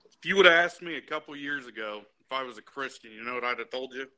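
A man's voice: mid-range voice, fast talker, pushed and bright, rough recording. A man speaking up from a group to give a plain, earnest personal testimony.

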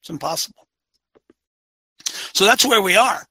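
A man's voice: high-pitched, lively intonation, moderate pace, gravelly, sharp tone, husky, no echo. A man delivering a fiery opinionated monologue as a show host, firing off rhetorical questions and repeating phrases for emphasis.

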